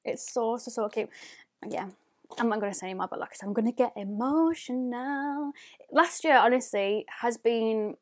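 A young woman talks through a casual unboxing, her voice sitting a little high. She rambles freely and scatters "like" through every sentence. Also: moderate pace. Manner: chatty, rambling, lots of "like" fillers. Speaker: beauty YouTuber.

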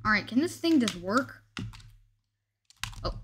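Speaking slowly but very animatedly, a woman with a slightly high, a bit bright voice chats through each move of her gameplay video and teases herself over her mistakes. Faint keyboard and mouse clicks plus a little hiss or hum run beneath her.

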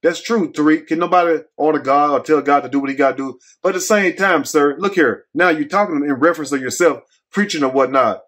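A man's voice: fairly high pitch, fast talker, hardly any pauses, a bit bright. A man hosting a commentary vlog, talking in a folksy, scolding, preachy way. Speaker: host.

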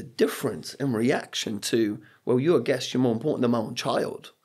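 A man's voice: mid-range voice, moderate pace, hardly any pauses, darkish tone, breathy edge. A middle-aged man with a British accent, talking earnestly on a podcast and telling stories with emphatic repetitions. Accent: British English. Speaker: podcast guest. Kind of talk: reflective podcast conversation.

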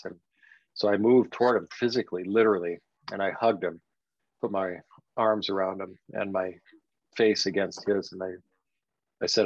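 An older man, a guest on a podcast, telling a personal story in a reflective, halting way with many "you know"s. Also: on the low side, no echo. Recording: dull, dry lo-fi sound.

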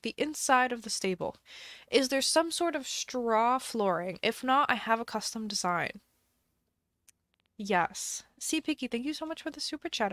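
A woman's voice: fairly high pitch, a bit bright, no room sound. A woman streamer chatting casually on a live game stream, thinking aloud and musing indecisively as she plays.

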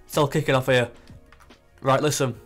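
A young man chatting casually as he plays a football management game, thinking aloud and getting excited. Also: mid-range voice, moderate pace, faint music behind. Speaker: gaming YouTuber. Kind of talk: casual gameplay commentary.

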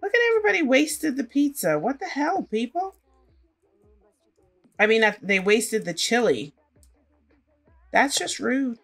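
A woman's voice: a little high, sing-song, unhurried, creaky, pauses often, a bit bright. A woman casually commenting on her life-simulation gameplay and chatting to her characters as she plays. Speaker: gaming channel host.

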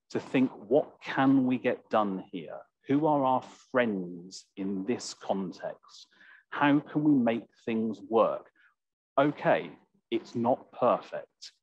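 A man preaching a sermon in church, slow and reflective, with a slightly croaky voice. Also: lowish voice, no echo. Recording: dull, lo-fi church recording.

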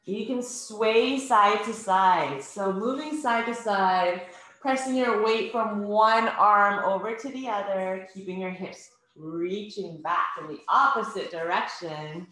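Woman fitness instructor, unhurried and encouraging, cueing breaths and moves, in a very echoey room. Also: mid-range voice, pushed and bright. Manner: encouraging, cues breathing and movement step by step. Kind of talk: guided home workout class. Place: home.

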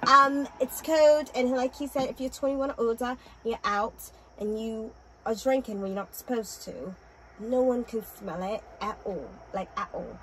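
A woman co-hosting a reaction show from home in casual chat. Her voice is a bit high, she bosses and teases her partner, and a faint room hiss sits under her words. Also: normal speed, fairly bright tone, poor audio. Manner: bossy, teasing, swears casually. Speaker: co-host of a reaction channel.

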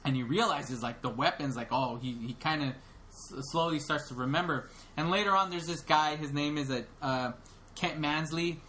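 A man's voice: fairly high pitch, moderate pace, bright, forceful tone, a little hiss or hum. A young man co-hosting a podcast, retelling a film in casual chat, rambling with lots of fillers and restarts. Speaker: podcast co-host.

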